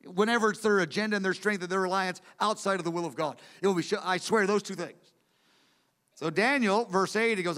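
A man with a notably high voice delivers a Bible teaching from his notes. He speaks earnestly and with emphasis, circling back to repeat key words so they land. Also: a little fast, pushed and bright. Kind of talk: teaching sermon from lecture notes.

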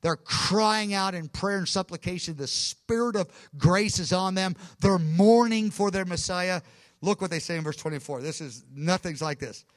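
A man preaching a Bible teaching, fervent and emphatic, with quick asides and self-corrections. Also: high voice, no room sound. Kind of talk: sermon-style Bible teaching.

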